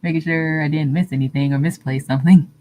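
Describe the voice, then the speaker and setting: Streamer, woman, low pitch, chatty and easygoing with viewers. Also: fairly even intonation, quick pace, dark tone. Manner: chatty, answers viewer comments, laughs often. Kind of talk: casual live-stream chat.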